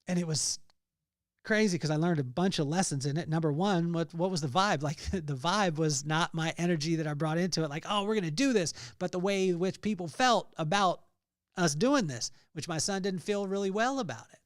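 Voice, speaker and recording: Middle-aged male podcast host, earnest storyteller, slightly raised pitch, dry room. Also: fairly quick, dry recording. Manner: earnest storytelling, rising to loud emphasis. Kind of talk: faith-based motivational talk.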